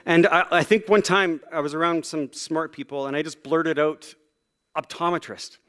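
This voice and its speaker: Pastor guy preaching, kinda high voice, super casual and chatty, lots of ums, pokes fun at himself. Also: normal speed, fairly bright tone, clean tone. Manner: conversational and self-deprecating, with many fillers. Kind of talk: sermon.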